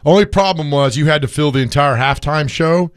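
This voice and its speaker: A middle-aged man hosting a casual sports radio chat, slightly hoarse from screaming, telling stories with frequent laughter. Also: a little high, fairly quick. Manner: animated storyteller, laughs often.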